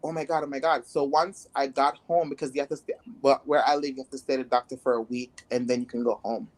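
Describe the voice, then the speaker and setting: A woman's voice: a bass voice, flat delivery, fast, a little mellow. A woman guest in a casual interview who talks bluntly and rambles, with many filler words. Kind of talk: casual candid conversation.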